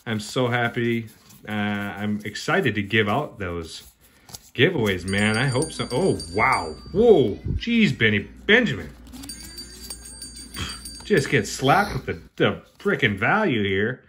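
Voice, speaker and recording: An excitable man hosts his own pack-opening video, chatting loosely with his viewers, cheering at good pulls and ribbing them. Under his voice sits a faint hiss. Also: medium pitch, slow. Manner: excitable, jokey, talks to viewers as brother and man. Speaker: card-opening channel host. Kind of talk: casual unboxing commentary.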